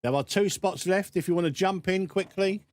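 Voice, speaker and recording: A man's voice: high voice, normal speed, no room sound. A man streaming a racing game, chatting casually with viewers in a teasing way, laughing often and repeating words as he goes. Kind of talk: casual live-stream chat.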